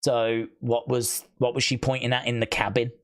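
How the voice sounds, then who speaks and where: A man's voice: medium pitch, flat delivery, moderate pace. A man hosting a live wrestling watch-along, rambling and musing aloud as he reads viewer comments. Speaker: wrestling stream host.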